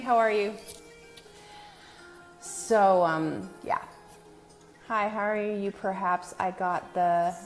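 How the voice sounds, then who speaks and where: A woman hosting a casual live stream from her home, greeting viewers by name in a chatty, self-deprecating way. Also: mid-range voice. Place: new home with a brick wall, indoors.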